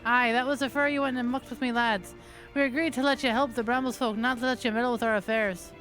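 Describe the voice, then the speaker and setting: A woman voicing a rough, menacing young male gang leader in a put-on accent, reading a story game aloud. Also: a little high, fairly even intonation, fast talker, a bit bright, faint music behind, lightly acted. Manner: swaggering threats.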